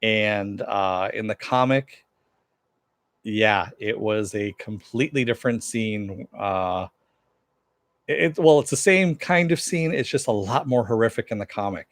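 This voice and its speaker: A man's voice: lowish voice, expressive, measured pace, no room sound. A man giving a casual, rambling recap of a TV episode, full of fillers and asides to viewer chat. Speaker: TV show reviewer.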